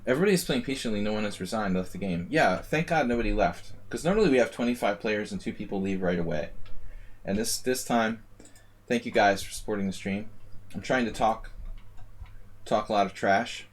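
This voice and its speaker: Man, low voice, casual stream commentary, thinking aloud, reciting chess moves. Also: a little fast.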